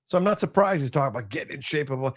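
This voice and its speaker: Man, co-host, higher pitch, lively swinging voice, blunt, skeptical, casual chat. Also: very fast. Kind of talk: casual movie news chat.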